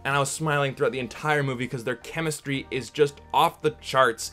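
A chatty male movie critic talks straight to his viewers in a loose, upbeat vlog manner, with a few casual swears. His voice sits at a mid pitch. Faint music plays underneath. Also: fairly quick, hardly any pauses, a bit bright. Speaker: movie review host.

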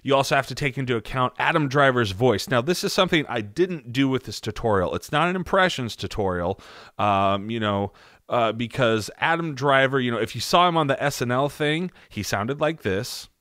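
A man's voice: mid-range voice, animated, normal speed, a bit bright, no echo, studio quality. A man hosting an audio tutorial in a rambling, jokey, profane way. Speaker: tutorial host, sound designer. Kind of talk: casual tutorial talk.

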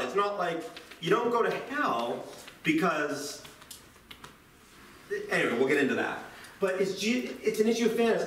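A man teaching high schoolers in a classroom, chatty and self-deprecating, with lively jokes. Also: slight background noise. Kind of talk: classroom lecture. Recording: roomy, distant classroom mic.

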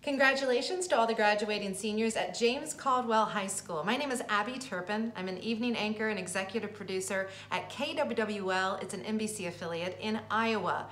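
A woman news anchor with a middle-pitched voice speaks in a composed, polished way. The recording carries a noticeable room echo. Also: brisk, hardly any pauses, a bit bright. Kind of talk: recorded video message. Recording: echoey room.

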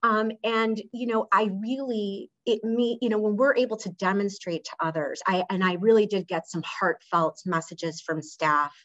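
A woman's voice: mid-range voice, fairly even intonation, normal speed, few pauses, highs cut off. A woman executive and interview guest, speaking earnestly and loosely in a conversational storytelling way, with many fillers and restarts over a video call.

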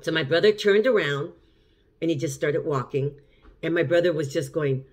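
A woman's voice: sits low, moderate pace, darkish tone. Middle-aged woman telling a story. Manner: chatty, repeats and restarts while recounting events. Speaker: cooking channel host. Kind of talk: casual storytelling to camera.

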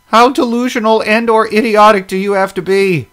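A man co-hosting a comedy podcast, reading out crime stories with animated outrage, swearing and laughing. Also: high-pitched, a little fast, hardly any pauses, clean tone. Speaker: podcast co-host. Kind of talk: casual comedic podcast chat.

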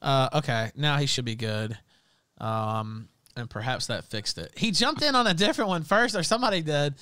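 A man's voice: medium pitch, animated, moderate pace, no echo. Combative male livestream host, dry sound. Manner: confrontational, shouting insults at callers. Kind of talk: livestream call-in show.

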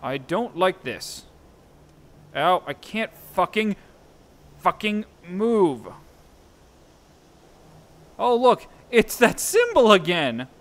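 A man's voice: high voice, big pitch swings, very slow, long pauses, fairly bright tone. A young man giving let's-play commentary on a horror game, jumpy and self-mocking, swearing often. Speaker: gameplay streamer.

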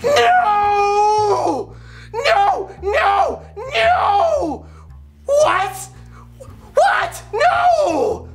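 A man putting on the high, squealing cries of outraged old people. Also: sing-song, extremely slow, shouting, very noisy, heavily acted. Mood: outraged shrieking. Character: shrieking outraged old folks.

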